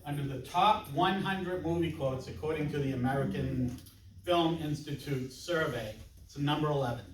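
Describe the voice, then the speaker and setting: A man's voice: fairly high pitch, normal speed, slight background noise. A man in his sixties giving an interactive conference presentation, chatting and joking with the audience. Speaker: conference speaker. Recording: roomy hall from a distance with audience murmur.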